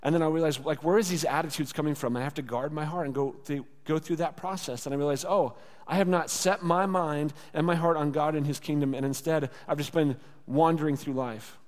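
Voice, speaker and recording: A man's voice: fairly high pitch, fairly quick, hardly any pauses, in a large hall. A man in his thirties preaching a sermon as a pastor, earnest and conversational, speaking prayers aloud as he teaches. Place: church sanctuary.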